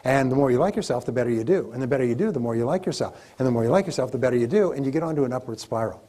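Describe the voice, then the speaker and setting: A man with a husky, breathy voice speaks at an average pitch. He delivers a motivational seminar lecture to a live audience. He talks emphatically, repeats key lines and coaches the crowd. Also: lively intonation, racing, warm tone.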